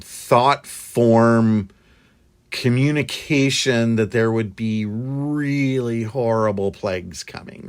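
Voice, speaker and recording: A man recounting a strange experience in casual, halting speech full of fillers and restarts. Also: on the low side. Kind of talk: casual storytelling.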